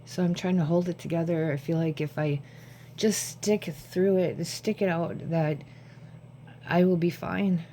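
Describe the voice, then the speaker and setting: A woman's voice: lowish voice, steady tone, measured pace, warm tone, a little hiss or hum. A woman vlogging to her phone at home, talking casually and rambling from thought to thought, short on sleep. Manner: rambling, jumps between thoughts. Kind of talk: casual talk to camera. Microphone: phone camera.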